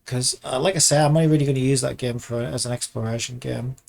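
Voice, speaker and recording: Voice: medium pitch, fairly even intonation, fast talker, vocal fry, a little mellow. Frustrated indie dev at the keyboard: curses constantly, mutters, restarts thoughts mid-sentence. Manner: exasperated, swears constantly, muttering to self; trails off and restarts sentences while working. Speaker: game developer vlogger. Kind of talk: casual dev vlog commentary while working.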